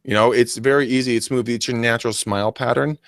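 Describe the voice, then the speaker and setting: A man co-hosting a casual coaching chat, animated and acting out silly greetings as he talks. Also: mid-range voice, fast, no echo, clean studio sound. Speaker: podcast co-host.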